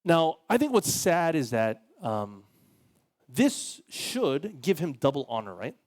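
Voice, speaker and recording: Casual, animated male pastor preaching. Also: on the high side, slow pace. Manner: casual, conversational, heavy use of "like" fillers; animated, voices quoted people. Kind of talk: sermon.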